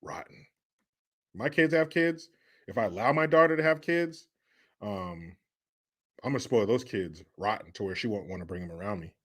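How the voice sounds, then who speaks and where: A man hosting a livestream, reading viewer chat aloud and bantering in a loud, profane, joking way, often laughing and teasing rival fans. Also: fairly low pitch, expressive, moderate pace, pauses often. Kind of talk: casual chat.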